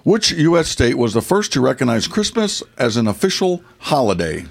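A man's voice: medium pitch, big pitch swings, normal speed, creaky. A man with a Northern US accent reading out Christmas trivia questions in a casual, jokey way, laughing often and stumbling over his wording. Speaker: quiz host.

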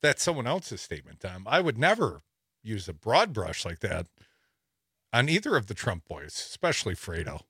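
A man's voice: on the low side, wildly swooping pitch, normal speed, sharp tone, slightly rough, no room sound. A man hosting a talk radio show, reading news stories with sarcastic asides and a wry, laughing delivery into a studio microphone.

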